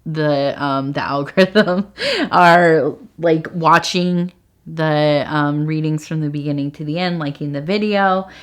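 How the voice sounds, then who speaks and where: Low-voiced emotional woman, rambling fondly. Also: steady tone, unhurried, clear, resonant tone. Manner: rambling and hesitant, many fillers; earnest and affectionate. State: emotional, on the verge of tears. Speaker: tea leaf reader. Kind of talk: casual spoken sign-off to viewers.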